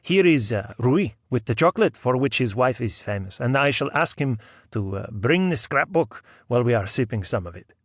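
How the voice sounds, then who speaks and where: A man's voice: mid-range voice, expressive, normal speed, dry recording, clean studio sound, lightly acted. A man playing a courteous host at a gathering who speaks in an amused way. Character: gracious male host of a dinner gathering.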